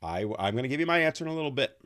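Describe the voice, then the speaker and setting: A man's voice: medium pitch, animated, rapid-fire, fairly bright tone. A man around sixty hosting a casual live chat, reading out viewer comments and rambling candidly with many ums and restarts. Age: 60s.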